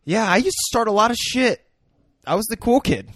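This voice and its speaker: A man's voice: very high-pitched, very animated, brisk, a bit bright, dry recording, studio quality. A man in casual conversation, telling a rowdy school story and tossing in chatty, profane asides.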